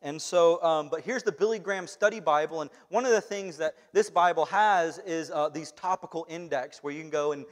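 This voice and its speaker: A young man giving a conversational sermon in a church hall, moving between quiet asides and loud, emphatic bursts. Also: on the high side, a little fast, few pauses. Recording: long hall reverb.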